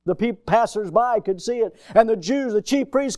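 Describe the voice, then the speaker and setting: A man preaching a sermon as pastor, emphatic, swinging between loud and soft, and calling out to his congregation. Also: high-pitched, normal speed, hardly any pauses, no echo. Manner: calls out to the congregation.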